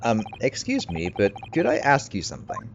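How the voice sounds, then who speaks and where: Man reading an earnest, courteous young student; lowish, lively, faint hiss. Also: normal speed. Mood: polite. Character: polite young male law student, eager. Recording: slightly muffled, steady hiss behind.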